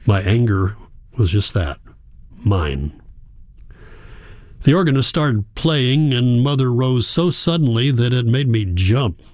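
A man reading a novel aloud in a measured, reflective storytelling manner. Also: medium pitch, sing-song, a little mellow, dry recording, studio quality. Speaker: audiobook narrator. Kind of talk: scripted narration.

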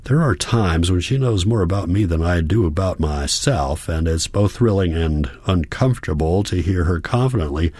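A man narrating a novel in the first person, measured and reflective. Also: low-pitched, lively intonation, a little mellow, slightly rough, no room sound, clean studio sound. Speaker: audiobook narrator.

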